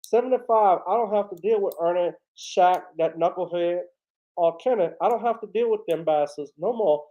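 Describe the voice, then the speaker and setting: A man's voice: sits high, lo-fi sound, lightly acted. A man doing an impression of a blunt, rambling male basketball commentator. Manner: blunt, rambling, quick bursts.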